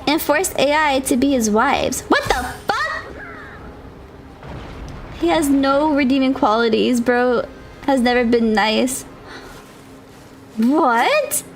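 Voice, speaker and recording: A young woman streaming a video game, chatting casually with viewers and reacting with loud shrieks. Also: sits high, slow pace, slight background noise. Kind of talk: casual live-stream chat while gaming. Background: game music and sounds.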